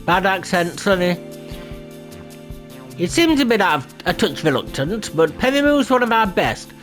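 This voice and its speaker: A man's voice: sits high, big pitch swings, normal speed, fairly bright tone, soft background music. A man giving casual gameplay commentary with wry, self-deprecating asides. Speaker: game streamer.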